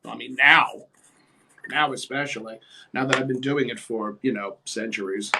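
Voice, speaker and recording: A man's voice: medium pitch, steady tone, normal speed, creaky, sharp tone, slight background noise. A man, a drag performer and guest, chatting casually while doing makeup, sassy and theatrical.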